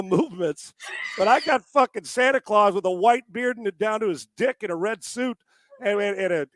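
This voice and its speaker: A man co-hosting a sports talk podcast, ranting with lots of swearing, laughing often and breaking into shouts. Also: high voice, no room sound. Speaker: podcast co-host.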